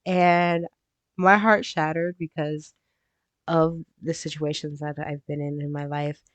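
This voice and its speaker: Chatty woman with a low dry voice. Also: little pitch movement, unhurried, no room sound, muffled recording. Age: adult with a grown son. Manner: chatty, laughs often while telling the story. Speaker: crafting vlogger. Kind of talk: casual storytelling while painting.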